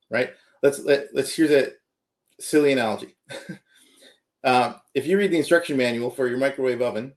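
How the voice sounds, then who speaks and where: A man, a computer science professor, giving earnest interview answers and checking in with the listener as he explains. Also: mid-range voice.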